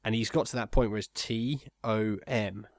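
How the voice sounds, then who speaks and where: A man chats casually on a podcast call. He talks in halting bursts and keeps restarting his sentences, often laughing as he goes. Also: lowish voice, steady tone, dry recording. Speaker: podcast co-host. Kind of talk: casual chat. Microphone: remote call mic.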